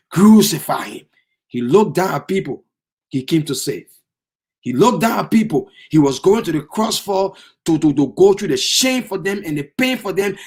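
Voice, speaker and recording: A man preaching an impassioned sermon, often bursting into shouts. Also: high voice.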